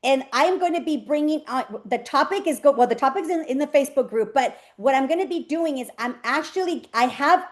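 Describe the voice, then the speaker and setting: A woman's voice: sits high, expressive, a little fast, few pauses. A woman coach speaking on a live video call, chatty and emphatic, laughing often as she motivates her group.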